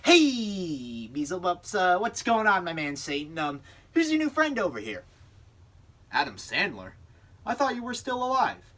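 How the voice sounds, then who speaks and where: A man's voice: high-pitched, huge pitch swings, unhurried, pushed and bright, voice pushed up, full character voice. A young man doing an impression of a goofy male comedian, a laid-back bro with a loose drawl. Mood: breezy. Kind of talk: speech-team comedy performance.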